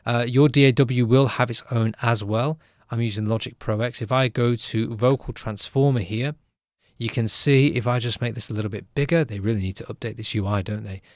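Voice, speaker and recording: A man who produces music gives a casual, upbeat tutorial in a chatty way, often tagging lines with a quick question. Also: mid-range voice, steady tone, no echo, clean studio sound.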